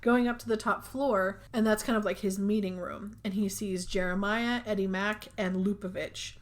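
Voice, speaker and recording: A woman co-hosts a casual podcast, walking her friend through a film's plot. She talks loosely, full of "like" and "you know", and drops in quick impressions of the characters as she goes. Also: medium pitch, fairly even intonation. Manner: retells scenes with lots of "like", acting out characters' lines. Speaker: podcast co-host. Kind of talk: casual movie recap chat.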